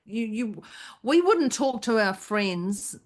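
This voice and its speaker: A woman's voice: a little high, sing-song, slow. A woman co-hosting a podcast, talking in a playful, rambling way and laughing often. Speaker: podcast co-host. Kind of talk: casual chat.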